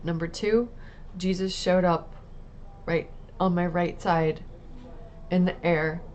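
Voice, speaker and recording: A woman's voice: fairly low pitch, a little mellow, highs cut off, slight background noise. A mother speaking to a camera, telling her personal testimony in a candid, emotional way and swearing casually. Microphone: talking to camera.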